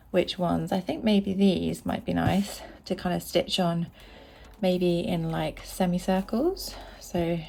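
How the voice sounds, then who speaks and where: Young woman, casual home vlogger, lowish pitch with some gravel, relaxed and rambling. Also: poor audio. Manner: chatty and rambling, with hesitant restarts. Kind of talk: casual to-camera chat. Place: indoors, sitting on a home staircase.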